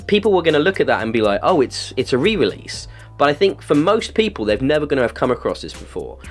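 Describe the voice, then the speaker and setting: A man's voice: on the high side, big pitch swings, fast talker, faint music behind. A man hosting a casual video game review podcast, talking with gushing enthusiasm and plenty of filler words. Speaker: podcast host.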